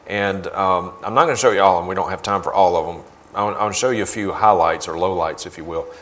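A man preaching with a low-pitched voice. He is indignant and emphatic, and he repeats short phrases to drive his point home. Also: fast, a bit bright. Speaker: guest preacher. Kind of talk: sermon with video commentary.

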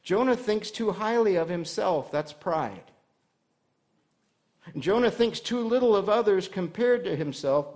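A man's voice: on the high side, creaky, a little mellow. A male pastor delivering a conversational sermon to his church, asking the congregation rhetorical questions and adding light humor.

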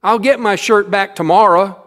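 A tearful ten-year-old boy pleads in a high, loud, wavering voice, as a preacher puts him on. He sounds poor and frightened. It is a story told from the pulpit. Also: normal speed. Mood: plain, sad.

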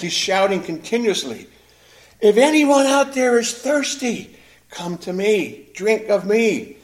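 Animated male pastor preaching. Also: a little high. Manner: animated preaching with emphatic pauses and repetitions. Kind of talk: sermon.

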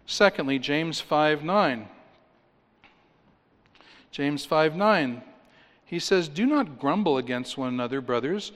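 A man preaching a sermon, emphatic, reading scripture aloud and firing rhetorical questions at his listeners. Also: on the high side. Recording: long reverb of a large hall.

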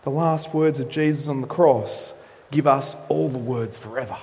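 A man preaching a sermon as pastor, lively and animated, acting out the quotes he reads. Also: mid-range voice, moderate pace, big-room sound.

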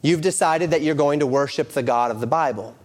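A middle-aged man preaching a sermon as a pastor. His voice sits fairly high, and he speaks earnestly. He slips between quoted scripture and animated stories from everyday life. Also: brisk.

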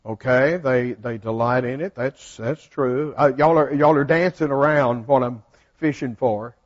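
A man's voice: medium pitch, unhurried. A man leading a Bible study class in a folksy way, asking the group questions. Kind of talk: interactive Bible study teaching. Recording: dull lo-fi sound.

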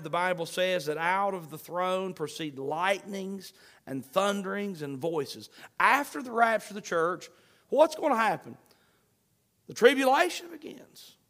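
A man with a high-pitched voice preaches a sermon to his congregation. He repeats key phrases again and again and builds to moments of emphasis. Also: a bit bright. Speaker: pastor.

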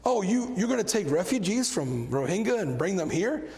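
A man preaching a sermon, telling a story with animated energy and a voice that climbs when he gets excited. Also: sits high, brisk, gravelly. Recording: long hall reverb.

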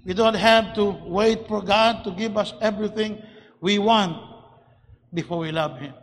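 A man preaching a sermon, rising from quiet talk into shouted emphasis and often restarting words as he builds his points. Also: high voice, moderate pace. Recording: long hall reverb.

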